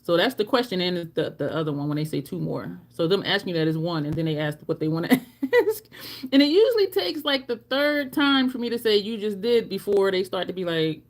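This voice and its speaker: A woman's voice: medium pitch, very animated, brisk. A woman chatting casually on a makeup livestream, rambling and laughing at her own stories. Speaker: livestream beauty host. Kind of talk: casual livestream chat while doing makeup.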